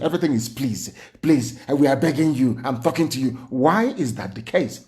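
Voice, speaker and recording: A man's voice: a little high, a little mellow. A man giving an impassioned, indignant livestreamed speech full of rhetorical questions. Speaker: political speaker.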